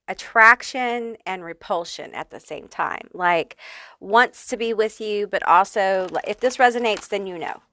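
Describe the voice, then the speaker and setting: A woman giving a casual tarot card reading, chatty and unfiltered, sprinkling her talk with profanity and little okays. Her voice sits at an ordinary middle pitch and sounds close and dry, with almost no room around it. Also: pushed and bright, no room sound. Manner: chatty and profane, many fillers and check-in okays. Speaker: tarot reader.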